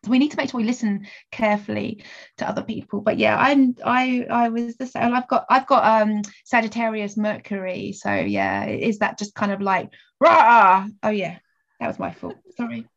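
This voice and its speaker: A woman's voice: mid-range voice, animated, moderate pace, creaky, dull audio. A woman explaining astrology in a casual podcast chat, full of fillers and restarts.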